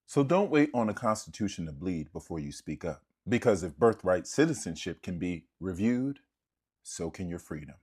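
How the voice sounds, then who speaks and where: A man's voice: low voice, sing-song, normal speed, darkish tone, slightly rough. A man giving impassioned, preacher-like spoken commentary in punchy, profane rhetorical lines.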